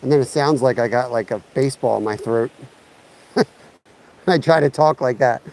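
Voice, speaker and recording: A man's voice: mid-range voice, moderate pace, a little mellow, poor audio. A man hosting a fishing livestream outdoors, rambling casually and chatting with his viewers through a chest-mounted mic. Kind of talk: casual live-stream chat while fishing outdoors. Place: outdoors by a lake and creek. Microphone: chest-mounted camera mic.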